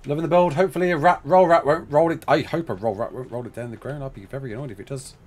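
A man's voice: mid-range voice, quick pace, a little mellow. A young man live-streaming a building game, chatting casually, reading out chat messages and talking himself through each step.

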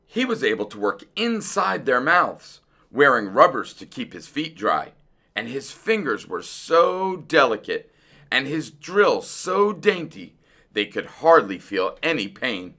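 Bright, expressive man reading a storybook. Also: mid-range voice. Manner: expressive, unhurried. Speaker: children's book reader. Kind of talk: read-aloud storytelling.

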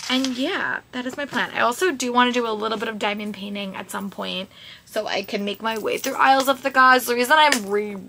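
A chatty woman talks straight to her viewers in a casual book vlog. Her voice is bright and forceful, with a gravelly fry running through it. She rambles a little, restarting sentences and leaning on fillers. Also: mid-range voice. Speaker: book vlogger. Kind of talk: casual reading vlog chat.

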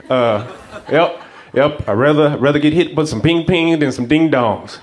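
A man doing a stand-up comedy set onstage, telling stories with lively character voices. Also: on the high side, normal speed. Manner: animated storytelling, acts out characters. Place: comedy stage before a live audience.

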